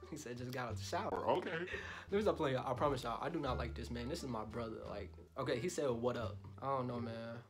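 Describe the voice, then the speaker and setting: Loud, profane young man vlogging. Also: medium pitch, a little fast, over music. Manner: loud, profane and joking, swings to soft mock-romantic reading. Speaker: YouTuber. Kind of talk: casual vlog talk.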